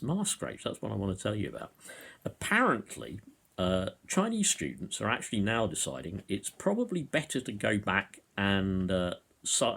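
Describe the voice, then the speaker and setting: Brief: man, low husky voice with lively ups and downs, rambling camera monologue at home. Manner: rambling, with hesitant fillers. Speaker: vlogger. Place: indoors at home. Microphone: camera in front of him.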